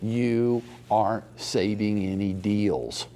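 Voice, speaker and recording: Blunt, animated man coaching. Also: mid-range voice, measured pace, slight background noise. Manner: blunt and profane, with mocking bursts. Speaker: real estate sales coach. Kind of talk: live training session.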